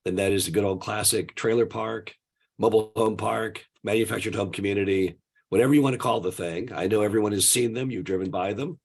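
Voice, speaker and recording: A man in his sixties, hoarse and gravelly from the flu, giving a relaxed talk full of "uh" fillers over a video call. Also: lowish voice, brisk. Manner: relaxed storytelling with many "uh" fillers. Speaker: guest speaker. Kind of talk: conversational webinar presentation.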